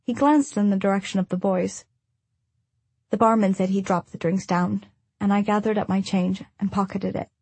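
Audiobook narrator, woman, husky voice, dry close sound, measured storytelling. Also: mid-range voice, fairly even intonation, a little mellow, no echo. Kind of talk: first-person audiobook narration.

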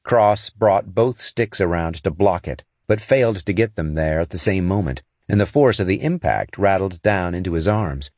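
A man narrating an action scene for an audiobook in a steady, dramatic reading. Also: sits low, moderate pace, hardly any pauses, no room sound, studio quality.

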